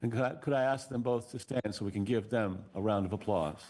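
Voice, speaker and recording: A university president chairing a board meeting, speaking haltingly with many fillers. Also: male voice, fairly low pitch, a little mellow. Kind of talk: formal meeting remarks.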